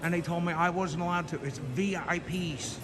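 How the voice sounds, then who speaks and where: A man's voice: on the high side, moderate pace, noisy background, close to an everyday voice. A man putting on a dim-witted, brash fat guy character with a dopey voice, filmed outdoors. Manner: dopey put-on voice, goofy deadpan jokes. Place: outdoors at a museum.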